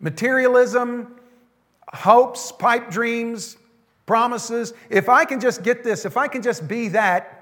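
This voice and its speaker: A pastor preaching a sermon, slowing down to stress the scripture lines he quotes. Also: very high-pitched, a bit bright, in a large hall.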